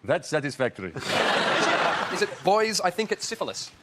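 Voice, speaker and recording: A male comedian on a panel show, firing rapid punchy jokes and slipping into quoted voices. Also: high voice, very animated. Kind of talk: stand-up style panel banter. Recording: studio with loud audience noise.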